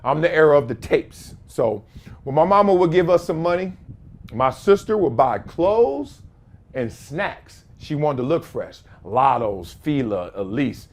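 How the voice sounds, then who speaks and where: A man in his fifties hosting his own show from a room at home, telling stories in a casual, slangy way that bursts into shouts and laughter. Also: on the high side, sing-song, a little slow. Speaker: show host. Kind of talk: casual storytelling monologue.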